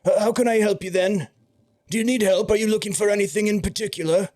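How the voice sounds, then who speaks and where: A man's voice: steady tone, a little mellow, lightly acted. A man voicing a fussy, eager tall shopkeeper who stammers as he fawns over customers. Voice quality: high, hurried, stammering. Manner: fawning and dithering.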